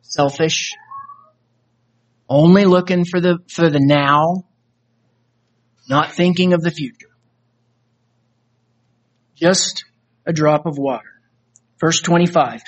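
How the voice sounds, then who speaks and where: A man's voice: fairly high pitch, slow pace, long pauses, dull audio. A man preaching a sermon, reciting a dramatic poem and scripture in an earnest, solemn way.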